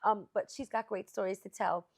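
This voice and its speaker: A woman's voice: medium pitch, steady tone, moderate pace, gravelly. A woman hosting a podcast in casual interview chat, talkative and earnest, with lots of "like" in her speech. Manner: chatty, fillers of "like", earnest and open. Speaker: podcast host. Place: studio.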